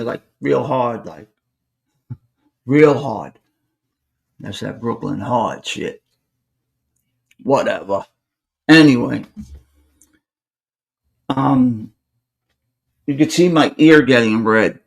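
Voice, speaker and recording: Brief: gravelly New man, podcast host, spins a story and acts out every line of talk. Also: medium pitch, slow, long pauses. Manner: animated storyteller acting out quoted dialogue. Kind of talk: casual storytelling.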